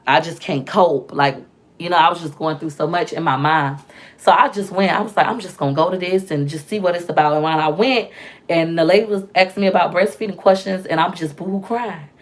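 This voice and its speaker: Candid, animated woman vlogger. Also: lowish voice. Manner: candid and animated, acts out quoted voices. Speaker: vlogger and mother. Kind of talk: casual storytelling vlog.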